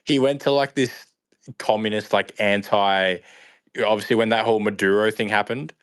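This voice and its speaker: A man hosting a livestream, chatting casually and joking with quick asides. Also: fairly low pitch, steady tone, smooth, no room sound. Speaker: host.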